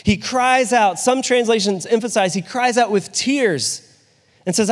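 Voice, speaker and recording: A man's voice: high voice, unhurried, big-room sound. A male pastor giving a sermon in a conversational way, often asking his listeners rhetorical questions.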